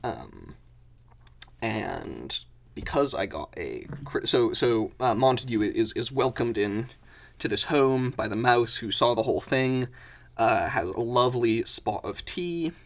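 A man casually narrates his character's moves in a tabletop game, halting often with fillers and restarts. His voice is gravelly, with a lively, rising and falling pitch. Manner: hesitant, many fillers and restarts. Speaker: player.

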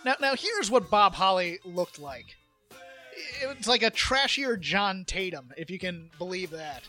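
A man co-hosting a podcast in casual chat, rambling and animated, slipping into mocking impressions. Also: high-pitched, unhurried, faint music behind. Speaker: podcast co-host.

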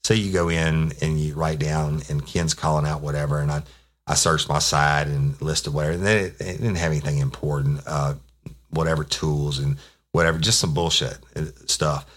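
Middle-aged ex-cop host, very low voice, folksy and foul-mouthed storytelling. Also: male voice, flat delivery, moderate pace, a bit bright. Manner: profane, rambling, folksy. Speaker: podcast host, former police officer telling stories. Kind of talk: casual storytelling.

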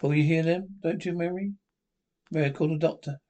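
A man's voice: a little high, steady tone, normal speed, warm tone, close to an everyday voice. A man playing a haunted, tormented lecturer who narrates his own descent into madness, in a 1930s radio drama. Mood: anguished. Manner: anguished, breathless, theatrical. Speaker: narrating protagonist.

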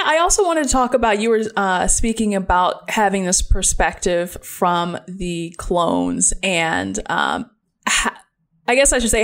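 A woman hosting a casual podcast chat, friendly, posing questions and laughing easily. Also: fairly low pitch. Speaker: podcast host.

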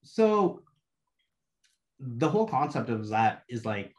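A man's voice: medium pitch, big pitch swings, slow, darkish tone. Laid-back young man from Bangladesh. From Bangladesh, raised in the US. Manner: laid-back slangy talk full of "like" and "bro". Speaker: podcast guest. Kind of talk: casual conversation.

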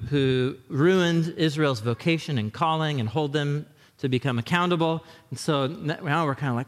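A male pastor delivers a sermon in a conversational, animated way, reading verses aloud and then unpacking them with quick asides. His voice sits a little high for a man. The sound carries a long reverb, as if recorded in a large hall.

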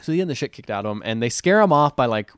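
A man's voice: mid-range voice, lively intonation, very fast, fairly bright tone, clean tone, no room sound, studio quality. A man co-hosting a podcast, casually recapping a film in a rambling way and acting out the characters' lines. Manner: rambling storyteller who acts out characters' lines. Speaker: podcast co-host. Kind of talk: casual chat recapping a movie.

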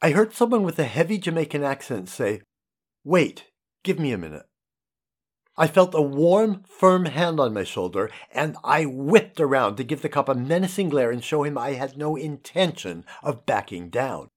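A man's voice: a little high, moderate pace, few pauses. Impassioned man narrating a memoir. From United States. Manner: expressive, impassioned storytelling.

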